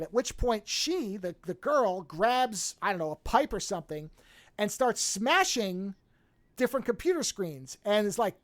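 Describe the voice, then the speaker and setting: A man hosting a podcast in casual chat, retelling a movie plot with lively acted-out lines and frequent swearing. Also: high voice, a little slow, no echo. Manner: animated storyteller, acts out movie characters, swears freely. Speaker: podcast host.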